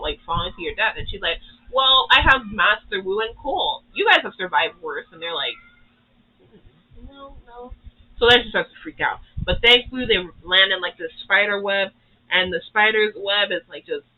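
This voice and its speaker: A YouTuber casually rambling through a cartoon recap, with constant "like" and "you know" and quick acted-out character lines. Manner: briefly acts out characters' lines in higher pitch. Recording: tinny phone-like audio.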